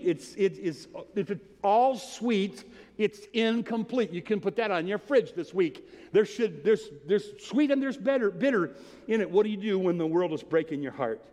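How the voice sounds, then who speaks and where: A male pastor delivers a sermon with a notably high voice. He builds from quiet storytelling to fervent, rolling declarations punctuated by hallelujahs. The sound carries a long reverb, as in a large church sanctuary. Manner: preaching with rising fervor and repeated hallelujahs.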